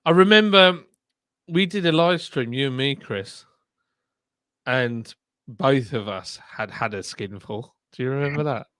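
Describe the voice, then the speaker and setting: A man's voice: medium pitch, a little slow, fairly bright tone, clear, resonant tone, no echo. A man hosting a casual livestream chat, talking bluntly and laughing often. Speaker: livestream host, former brewery boss.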